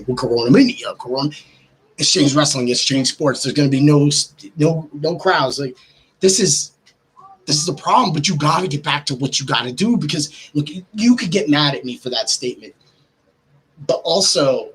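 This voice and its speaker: A man hosting a podcast, ranting casually and swearing, his pitch jumping up when he gets worked up. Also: lively intonation, normal speed, a bit bright, slight background noise, rough recording. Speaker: podcast host.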